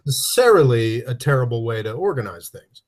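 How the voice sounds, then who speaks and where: A man's voice: mid-range voice, very animated, brisk. A man in a casual political discussion who interrupts with questions and hesitant quibbles.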